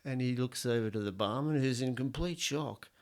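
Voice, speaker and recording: In a casual solo podcast monologue, a middle-aged Australian man rambles crudely through jokes and opinions, swearing plenty. His voice sits mid-range and his pace is moderate.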